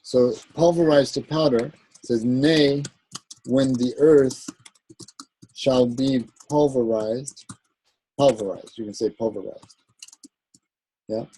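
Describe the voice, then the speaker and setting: A man's voice: medium pitch, warm tone, a little hiss or hum, rough recording. A man teaching an Arabic grammar class, explaining patiently and often checking in with "right?" as he goes. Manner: halting, with fillers and self-corrections. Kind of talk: classroom lecture.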